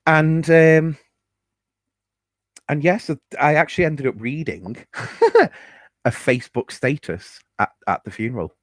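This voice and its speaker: A man's voice: mid-range voice, lively intonation, normal speed, long pauses, dry recording. A man telling a personal story on a podcast, chatty and candid, with fillers and the odd swear word. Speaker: podcast host.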